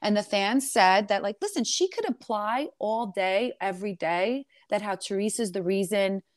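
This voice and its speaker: A woman guest in an interview tells her story emphatically, firing off indignant rhetorical questions. Her voice sits at a middling pitch. The recording is close and dry, with no room sound. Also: animated, moderate pace, no room sound. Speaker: reality TV star guest.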